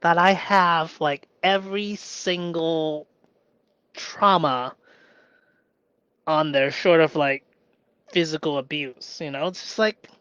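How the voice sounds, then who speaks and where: A man in a reflective solo live stream who thinks aloud with pauses and restarts, then breaks into bursts of excited cheering. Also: sits high, no echo, highs cut off. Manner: slow and musing, with sudden bursts of excited cheering.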